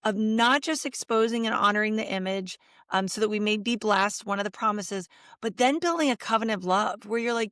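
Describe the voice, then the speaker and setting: A middle-aged woman speaks as an interview guest, telling animated stories and acting out what people said. Her voice sits at a middle pitch, and the recording is close and dry with no room sound. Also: a little fast, no echo. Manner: animated storytelling, acts out quotes. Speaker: guest, Catholic speaker and author. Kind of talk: conversational interview.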